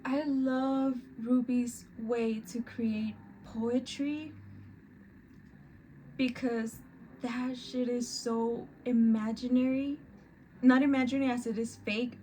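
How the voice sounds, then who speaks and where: Slow-talking woman reacting with halting emotion. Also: on the high side, warm tone, slight background noise, poor audio. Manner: emotional, halting, restarting mid-word. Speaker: reaction video host. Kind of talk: casual reaction commentary.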